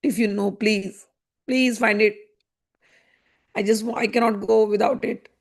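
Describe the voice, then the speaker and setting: A woman's voice: mid-range voice, fairly even intonation, a little slow, gravelly. A woman voicing a young male god who pleads tearfully and searches anxiously for his lost flute. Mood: begging. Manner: pleading, tearful, repeated questions.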